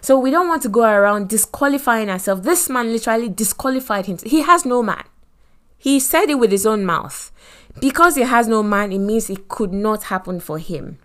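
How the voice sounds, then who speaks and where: A middle-aged woman from Nigeria with a Nigerian accent, telling a personal story in a motivational faith talk, animated, with many asides and repeated phrases. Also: on the high side, normal speed. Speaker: podcast host and Christian speaker.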